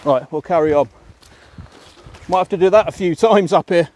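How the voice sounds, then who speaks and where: A man's voice: sits high, normal speed, a little mellow, a little hiss or hum. Chatty man vlogging a muddy walk. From England. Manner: chatty, muttering asides to viewers, mild exclamations. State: panting while climbing a muddy hill. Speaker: walking vlogger. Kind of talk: casual walking commentary to camera. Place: outdoors on muddy woodland footpath.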